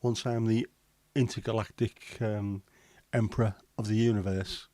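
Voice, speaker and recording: A middle-aged man, hosting a relaxed livestream and chatting with viewers in a jokey, rambling way. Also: on the low side, normal speed, dry recording. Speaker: livestream host. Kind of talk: casual chat reading viewer comments.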